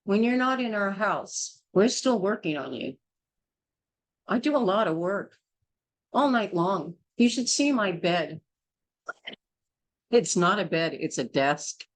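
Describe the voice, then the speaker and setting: An older woman, a midwife, gives a blunt and forceful childbirth class lecture, scolding and repeating herself. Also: mid-range voice, animated, slow, long pauses, low-quality recording. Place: small indoor class.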